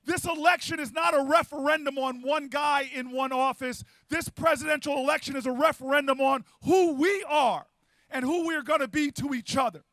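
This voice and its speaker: Male candidate in his 50s, fiery stump speech, high bright gravelly voice, dry sound. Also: moderate pace, no echo. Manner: fiery preacher-like oratory, shouting peaks. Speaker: political candidate. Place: large outdoor rally.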